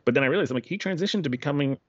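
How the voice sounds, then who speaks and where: A man's voice: on the high side, animated, very fast. A man co-hosting a podcast, chatting casually about a film, rambling and breaking off his sentences, often laughing. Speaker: podcast co-host. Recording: dull lo-fi sound.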